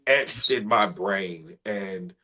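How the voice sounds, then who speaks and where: A man who is a spoken word artist, a guest in an interview, telling a personal story in an earnest, heartfelt way that grows quiet when he is moved. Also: deep voice, drawn-out words, low-quality recording.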